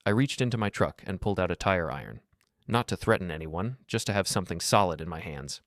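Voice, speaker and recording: Brief: low-voiced man, gruff story narrator, dry close sound. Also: expressive, fast, a bit bright, no room sound. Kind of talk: scripted first-person story narration.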